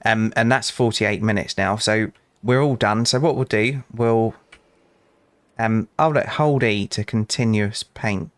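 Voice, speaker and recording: The recording is dry, and the man's voice is fairly low and unhurried. A young British gaming channel host, he casually talks through a let's play, chatting to customers and wandering into anecdotes punctuated by dry remarks.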